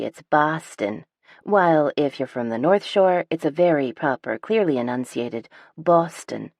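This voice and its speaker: Low-voiced woman, wry audiobook narration. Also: a little mellow, no room sound, clean studio sound. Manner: wry, sardonic, deliberate emphasis. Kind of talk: scripted first-person audiobook narration.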